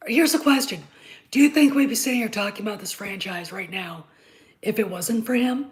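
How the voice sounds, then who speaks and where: A woman streamer argues her point to her chat in an unscripted rant. Her pitch sits in a mid range, and she talks in an insistent, lecturing way, hammering points home with repetition and frequent "okay?" and "all right?". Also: fairly quick, poor audio. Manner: emphatic, repeats points. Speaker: live stream host.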